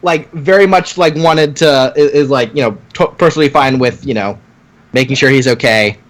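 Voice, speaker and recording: A man's voice: medium pitch, normal speed, a bit bright. A man narrating as game master of a tabletop game, rambling and full of "like"s and restarts.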